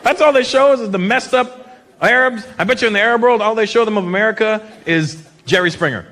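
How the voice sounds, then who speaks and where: A man performing a stand-up comedy set on stage, switching into shouted put-on voices for punchlines. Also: sits high, quick pace. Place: large comedy venue with a laughing audience. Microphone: handheld stage mic. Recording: live stage recording with crowd noise.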